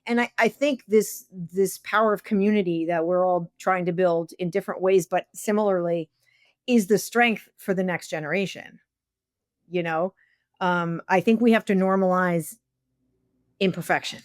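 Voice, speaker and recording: A woman's voice: lowish voice, moderate pace, no echo, clean studio sound. A woman hosting a podcast interview, talking candidly and telling anecdotes with a few restarts. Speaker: podcast host. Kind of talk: casual conversational interview.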